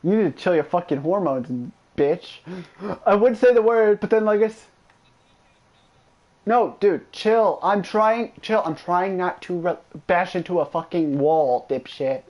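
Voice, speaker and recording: Profane, excitable male gaming streamer. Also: high-pitched, unhurried, muffled recording. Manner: profane, excitable trash-talk. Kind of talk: casual gameplay commentary.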